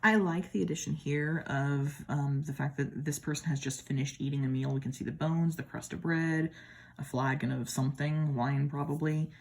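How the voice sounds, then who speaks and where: Low, gravelly woman from the Midwest. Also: steady tone, moderate pace, darkish tone. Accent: American Midwestern. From American Midwest. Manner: chatty, admiring, with playful asides. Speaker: tarot deck reviewer. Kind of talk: casual deck comparison talk. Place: at home.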